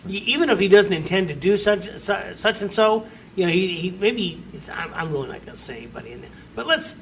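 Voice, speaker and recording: A man with a fairly high voice hosts a talk radio show, telling stories in a homespun, easygoing way. He often restarts his sentences and mimics the people he quotes. A faint hum of background ambience sits behind him. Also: a bit bright. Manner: folksy storyteller, acts out quoted voices, frequent restarts. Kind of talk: casual talk radio chat.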